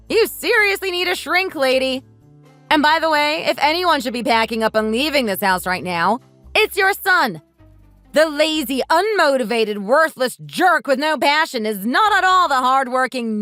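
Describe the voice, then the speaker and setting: A woman's voice: high-pitched, fairly bright tone, no echo. A woman voicing a defiant young daughter-in-law in a texting story, firing back sarcastic, cutting comebacks.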